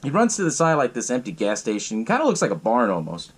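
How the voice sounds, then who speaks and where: Lively, profane podcast host guy. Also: medium pitch, fast, breathy edge, poor audio. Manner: loose, profane storytelling with frequent laughs. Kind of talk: casual movie recap.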